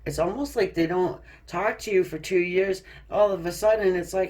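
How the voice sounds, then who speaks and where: A woman reads tarot cards in a relaxed, chatty way. She laughs often, trips over her own words and swears freely. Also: lowish voice, moderate pace, few pauses. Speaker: tarot reader. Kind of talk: casual tarot card reading.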